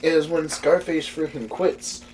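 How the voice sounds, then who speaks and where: A podcast co-host chatting casually about a movie, laughing often and retelling scenes in an animated way. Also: mid-range voice, unhurried. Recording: distant mic with faint background noise.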